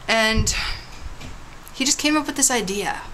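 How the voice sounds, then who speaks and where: A woman's voice: a little high, a little slow, pushed and bright, a little hiss or hum, poor audio. Playful woman vlogger, teasing tall tale. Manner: playful, teasing storyteller with swoops into big dramatic tones. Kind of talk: casual vlog with a mock history tale.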